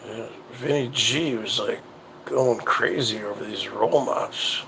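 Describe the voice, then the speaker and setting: A man hosting his own show, chatting casually in a rambling, halting way that often repeats itself. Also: medium pitch, creaky, pushed and bright, slight background noise, low-quality recording. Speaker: show host. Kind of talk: casual livestream chat.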